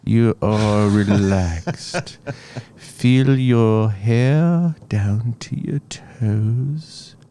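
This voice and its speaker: A man doing a slow, droning meditation guide. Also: on the low side. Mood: mock-soothing. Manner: drawn-out, slow, hushed delivery.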